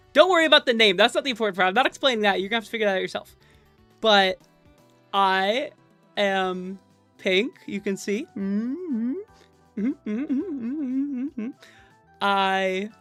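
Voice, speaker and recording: A woman's voice: mid-range voice, a bit bright, dry recording. Nervous, rambling woman streamer. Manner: rambling, playful and self-mocking, with many fillers and restarts. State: nervous, with stage fright. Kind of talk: casual live-stream chat. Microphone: desk microphone at a computer. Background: faint game music.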